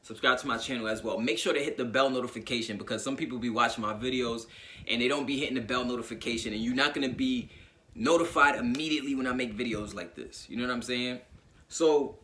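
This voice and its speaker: A man gives a motivational talk to his online audience. His voice is bright and clear. He speaks casually, circles back to repeat his points, and keeps checking in with his listeners. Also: medium pitch. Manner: informal and conversational, often checks in with "right?". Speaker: self-help YouTuber.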